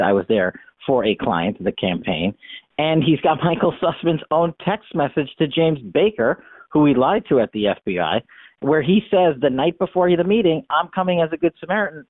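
A man's voice: medium pitch, no room sound. Man on a tinny phone line. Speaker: guest, former congressional investigator. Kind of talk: political commentary interview.

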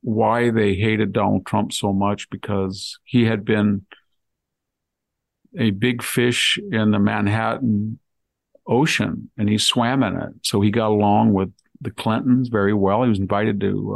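An older man with a low, gravelly voice talks through politics in a relaxed conversational way. He often slips into mimicking voices to act out what others might say. The sound is dry and close. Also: dry recording. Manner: acts out quotes in mimicking voices. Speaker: podcast host. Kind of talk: casual political talk.

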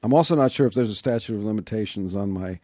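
A man's voice: on the low side, quick pace, mellow, no room sound. A man as a podcast guest, talking in a reflective, self-deprecating, wry way in casual interview chat on a close mic.

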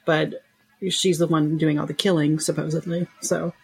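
Husky, lower-voiced woman podcast guest. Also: level tone, normal speed. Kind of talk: casual chat.

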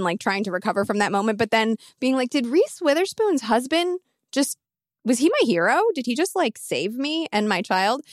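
A woman in her thirties, a fantasy football analyst telling an animated, emphatic story in casual podcast talk. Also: mid-range voice, dry recording, clean studio sound. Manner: animated, emphatic, quick asides.

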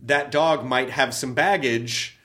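A man chatting casually as a podcast co-host, animated and laughing often, trailing off and restarting his sentences. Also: mid-range voice, takes it slowly. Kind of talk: casual conversation.

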